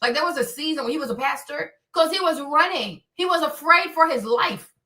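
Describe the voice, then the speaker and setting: A woman hosting her own stream, talking in an animated, blunt way with plenty of profanity and repetition. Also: high voice, a little fast. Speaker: show host. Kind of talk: livestream commentary rant. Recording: echoey room, distant from mic.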